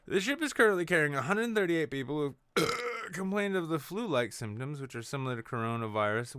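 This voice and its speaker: A man's voice: mid-range voice, a bit bright, clear, resonant tone, dry recording, studio quality. A man hosting a late-night comedy show from his apartment, ranting about the news sarcastically and swearing constantly. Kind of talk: profane satirical news rant. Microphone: on camera at home.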